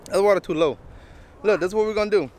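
A father vlogging outdoors beside a drained pond with his young daughter, excitable and coaxing. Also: high voice, fast, slight background noise. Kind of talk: casual outdoor vlog.

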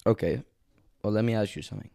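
A man's voice: on the low side, fast talker, creaky, warm tone. Sex: male. Role: podcast host. Style: casual chat. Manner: playful and full of questions. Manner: playful, keeps asking questions.

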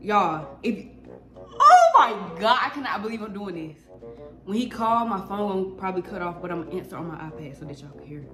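A teenage girl talking casually to camera in a slangy, excitable, nervous ramble. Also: medium pitch, fairly quick. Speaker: vlogger. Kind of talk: casual vlog chat to camera. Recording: echoey room with music behind. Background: music.

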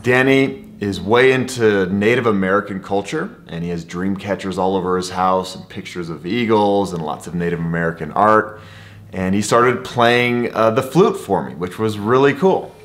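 A man's voice: lowish voice, moderate pace, a little hiss or hum. A man and travel vlogger telling a story to camera in an enthusiastic, conversational way.

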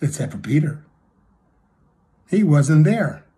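Preaching slowly in a fairly high voice with big pitch swings, this man retells a story through acted quotes, alternating booming passages with hushed ones.

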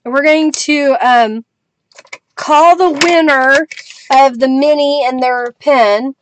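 A woman's voice: sits high, takes it slowly, background noise. A middle-aged woman hosting a live crafting stream, chatting with viewers as she works and laughing often. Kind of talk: casual live-stream chat.

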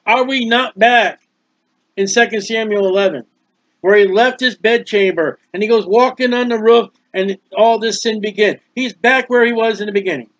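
An American man teaching a Bible study. He reads scripture slowly, then explains it in plain, folksy asides. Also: sits high, fairly bright tone, no room sound. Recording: dry, muffled lo-fi recording.

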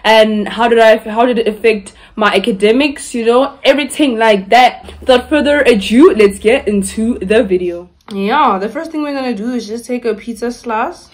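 A young woman chats casually with her viewers over a meal, bubbly and talkative, stretching out some words. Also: fairly high pitch. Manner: bubbly and chatty, with drawn-out words. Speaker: YouTuber. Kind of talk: casual mukbang chat.

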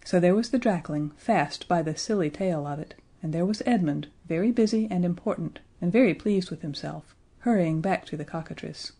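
Mellow-voiced woman reading a children's story. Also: fairly low pitch, moderate pace, few pauses, breathy edge. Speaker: audiobook narrator.

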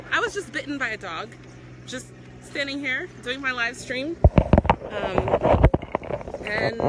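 A woman's voice: high-pitched, noisy background. A woman talking passionately on a live stream outdoors, with frequent ums and restarts. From South Africa. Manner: earnest and passionate, with many ums and self-restarts. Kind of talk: casual live-stream commentary. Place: outdoors in a public spot.

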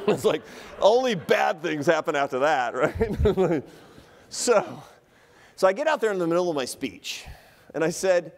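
A man giving a public lecture in a hall, telling stories in an animated, humorous way. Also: medium pitch, brisk.

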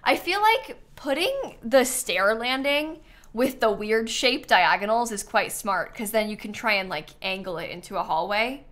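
A woman's voice: on the high side, lively intonation, measured pace, fairly bright tone. A young adult woman giving casual, enthusiastic live-stream commentary as she tours viewers' builds, chatty, often trailing off and repeating herself.

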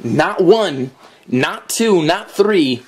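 A man's voice: fairly high pitch, expressive, drawn-out words, a little mellow, breathy edge. A man giving casual commentary on a video game, reading the on-screen dialogue aloud as he plays. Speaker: gameplay commentator. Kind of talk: let's play commentary.

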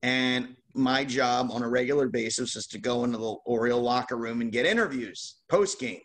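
A man hosting a card-opening show, telling a lively casual anecdote with laughs. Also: medium pitch, normal speed. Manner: animated, laughing anecdote teller. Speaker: host opening baseball card packs. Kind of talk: casual storytelling.

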